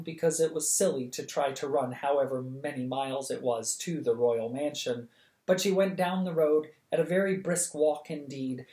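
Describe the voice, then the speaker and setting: A reader narrating a novel for bedtime at a steady, lively pace. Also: medium pitch. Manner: steady, lively, acts out the dialogue. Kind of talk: audiobook reading of a novel. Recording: echoey room.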